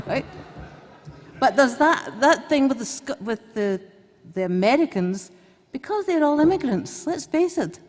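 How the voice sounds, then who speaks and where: A woman's voice: a little high, animated, unhurried, darkish tone, slight background noise. A Glasgow woman giving an off-the-cuff political speech at a conference, blunt and chatty, joking and letting slip the odd swear word. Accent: Scottish, Glasgow. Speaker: conference speaker. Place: conference hall. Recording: reverberant conference hall.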